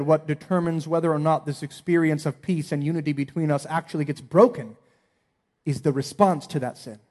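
With a slightly high voice, a pastor in his thirties preaches earnestly, going soft and then rising to emphatic appeals.

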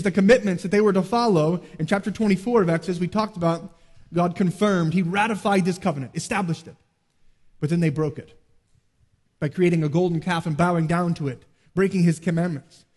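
Pastor guy preaching, voice sits pretty high, earnest, swings loud then soft. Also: long reverb tail. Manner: earnest preaching, rising to emphatic peaks and dropping low. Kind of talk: sermon.

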